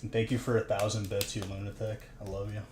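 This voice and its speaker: A man's voice: lowish voice, flat delivery, fast, background noise. Slangy man streaming card openings. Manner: slangy and chatty, thanking viewers. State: stuffy nose from allergies. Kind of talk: casual live-stream commentary.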